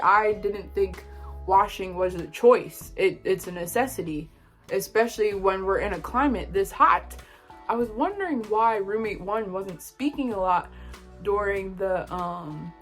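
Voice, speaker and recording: A young woman vlogging a casual storytime, exasperated and full of slang. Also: mid-range voice.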